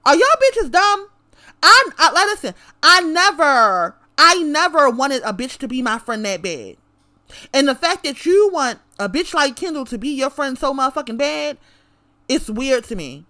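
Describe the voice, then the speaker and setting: Woman vlogger cussing folks out to the camera, high bright voice, repeats herself a lot. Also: expressive, moderate pace. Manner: profane, confrontational, repeats phrases for emphasis. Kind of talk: direct-to-camera rant.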